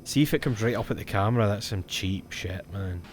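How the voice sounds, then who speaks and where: A fairly quick-talking Scottish man with a fairly low voice provides let's-play commentary while streaming a horror game. Thinking aloud in a loose, rambling way, he swears at the scares, over a faint underlying hiss.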